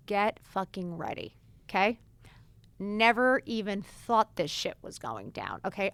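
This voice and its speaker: A woman's voice: mid-range voice, clear, resonant tone, no echo. A woman in her forties hosting a podcast, talking candidly and swearing freely while she acts out conversations. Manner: frank and animated, swears freely, acts out quoted exchanges. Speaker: podcast host answering follower questions. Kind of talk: candid casual chat.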